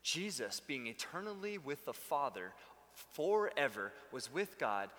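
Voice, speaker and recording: A man's voice: mid-range voice, very animated, unhurried, a bit bright, in a large hall. A man preaching a sermon, telling stories conversationally with bursts of emphasis. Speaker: pastor.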